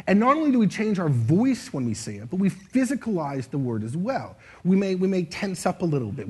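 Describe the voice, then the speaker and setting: A man's voice: high-pitched, very animated, brisk, slightly rough. A man speaking on stage to a live audience, leading a playful speaking exercise and acting out different ways of saying lines. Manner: playful, demonstrative, shifts voice to show expression. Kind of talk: interactive stage talk.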